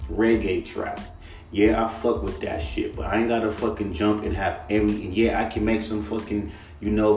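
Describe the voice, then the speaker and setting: A man's voice: on the low side, darkish tone. A young man hosting a podcast, ranting casually and profanely about rap and imitating other rappers' flows. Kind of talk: casual solo rant. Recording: echoey room, mic at a distance, faint music.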